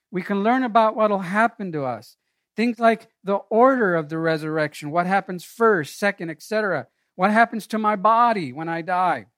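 A man's voice: high-pitched, no echo. Conversational male pastor preaching. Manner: storytelling, conversational preaching with asides. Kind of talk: sermon. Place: church.

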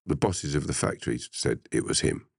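A middle-aged man, telling a story in an interview, animated, often laughing and swearing. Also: extremely low pitch, fairly quick, gravelly, slightly rough, dry recording, studio quality. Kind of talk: casual storytelling.

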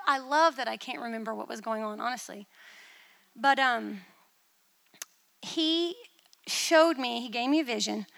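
A woman preaching a testimony in a church, telling a vision with animated, dramatic storytelling. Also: sits high, creaky, in a large hall.

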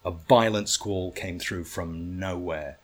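A man telling a lively anecdote in casual talk, swearing freely and acting out what others said. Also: low voice, takes it slowly. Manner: animated, swearing, acts out others' lines. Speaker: storyteller guest.

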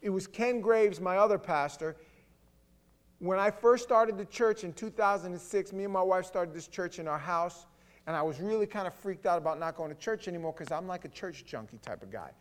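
A man pastor giving a conversational sermon with stammering restarts, swelling into loud fervor. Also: sits high, fairly quick.

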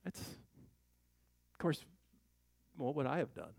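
A male Bible teacher with a gravelly, low-textured voice, recorded close and dry. He reads scripture aloud, then comments on it in a loose, conversational way. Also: big pitch swings, slow pace, darkish tone, no echo. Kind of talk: casual verse-by-verse Bible teaching.

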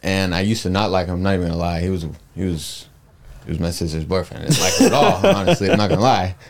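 A man's voice: low voice, animated, fast, a loud crowd. A man co-hosting a casual podcast, a laid-back storyteller who rambles into asides. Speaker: podcast co-host.

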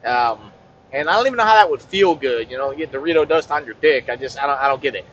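A man delivering a rambling, profane comic rant with deadpan asides. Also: mid-range voice, fast, lo-fi sound. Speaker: comedian.

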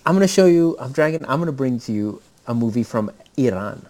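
This man talks in a casual, easy register with a lively voice that rises and falls a lot. He swears freely and keeps checking in with "okay?" as he talks. His pitch sits in the middle range. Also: fairly quick. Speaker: podcast co-host presenting films. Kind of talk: casual chat.

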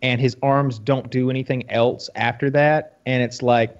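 A man's voice: medium pitch, steady tone, moderate pace, dull audio. A man in casual chat about a fight, stumbling over his words and repeating fillers as he talks.

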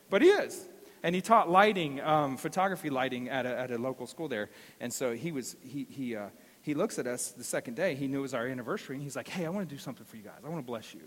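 Male pastor, high voice, sermon, emphatic repeats, long hall reverb. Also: expressive, fast talker, a bit bright. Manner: storytelling preacher, emphatic repetitions.

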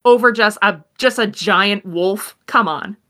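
A woman's voice: medium pitch, a little slow, pushed and bright. A woman voicing Molly, a pushy young woman who badgers others to agree, in a tabletop game. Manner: pleading, pushy.

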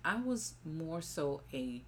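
A woman's voice: low voice, big pitch swings, slow, a little hiss or hum. An older woman, a mother guest on a family podcast, telling stories and reflecting on how she raised her children. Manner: reflective, storytelling, wandering. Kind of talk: casual family chat.

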